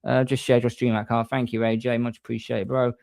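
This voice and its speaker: A man hosting a casual livestream, reading viewer comments and giving shout-outs in a rambling, chatty way. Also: medium pitch, flat delivery, brisk, gravelly, dry recording. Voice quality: rambling, frequent restarts, mate-and-bro shout-outs. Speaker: livestream host.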